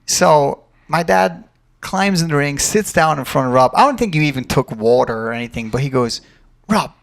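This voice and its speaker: A man, a fight coach and podcast host, telling an animated, profane story casually. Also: a little high, moderate pace, gravelly. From Ireland.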